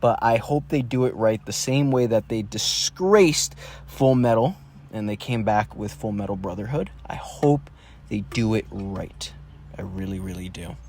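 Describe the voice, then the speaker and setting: A man's voice: fairly low pitch, expressive, measured pace, darkish tone, slight background noise. A young man rambling through a profane solo monologue, full of restarts and rants. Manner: profane, meandering, ranting with frequent restarts. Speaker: solo podcast host.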